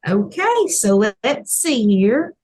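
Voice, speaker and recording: A woman taking the roll at a council meeting, reading names in a deliberate way. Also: fairly high pitch, sing-song, darkish tone, low-quality recording. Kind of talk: roll call.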